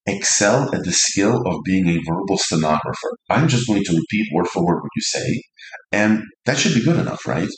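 A man with a very low voice gives an earnest lesson on how couples should listen to each other. He acts out little examples of how partners might talk. His voice carries the echo of a roomy space. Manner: earnest, demonstrates tones by acting out examples. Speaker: relationship coach. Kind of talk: teaching talk on couples mirroring.

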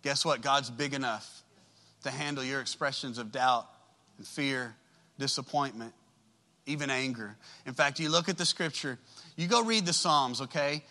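A man preaching a sermon to a live congregation in a church. He talks to them directly and conversationally, swinging from loud emphatic outbursts to quiet soft asides. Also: mid-range voice, normal speed. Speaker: pastor.

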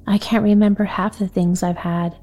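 Woman voicing a gentle little rich girl, storybook reading, mellow tone, faint music behind. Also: medium pitch, level tone, moderate pace, close to an everyday voice. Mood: earnest.

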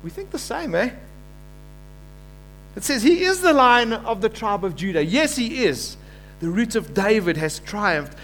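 A man preaches with a fairly high voice, swinging from loud acted-out quotes to low, quiet emphasis. He calls on his listeners to repeat lines with him. A faint electrical hum sits under the recording. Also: measured pace, pauses often. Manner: animated preaching, acts out quoted voices, asks congregation to repeat. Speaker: pastor. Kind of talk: sermon.

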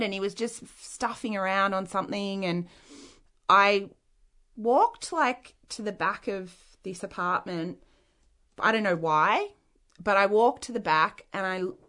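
A woman's voice: medium pitch, fairly bright tone. Frank Australian woman telling her story. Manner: rambling and frank, heavy use of "like" fillers. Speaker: interview guest. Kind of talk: candid personal storytelling.

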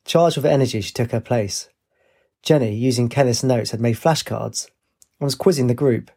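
A man reading a story aloud in a steady, plain narrating voice. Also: mid-range voice, normal speed, gravelly, breathy edge. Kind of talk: audiobook reading with character voices.

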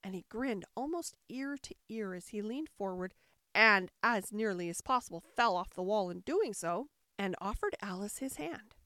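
A woman reads a children's classic aloud, her voice rising and falling with a lively storytelling lilt. The sound is dry and close, with no room echo at all. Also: medium pitch, moderate pace. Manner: expressive, storytelling cadence. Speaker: audiobook reader. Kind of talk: storybook narration.

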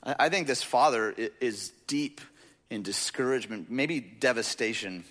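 A man's voice: medium pitch, normal speed, fairly bright tone. A man preaching a sermon in a conversational way, asking the audience questions and often saying "like". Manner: conversational, rhetorical questions, frequent "like". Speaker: pastor. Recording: reverberant hall.

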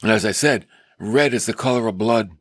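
A man preaching a sermon on scripture, emphatic, with dramatic swings in his pitch. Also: a little fast, fairly bright tone, no room sound, studio quality.

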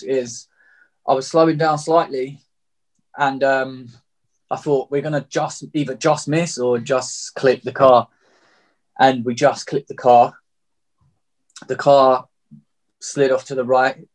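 A young man recounting a story in loose, blunt, casual talk, swearing freely and leaning on filler words. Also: mid-range voice. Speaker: guest telling a story.

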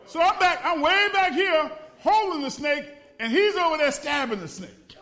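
A man's voice: very high voice, lively intonation, normal speed, pushed and bright. A man preaching a sermon, a pastor from the Los Angeles area, telling a story with laughs and repeated phrases for emphasis.

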